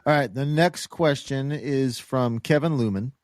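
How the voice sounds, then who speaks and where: A man's voice: medium pitch, unhurried, no room sound. Man reading listener questions, dry sound. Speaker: podcast host.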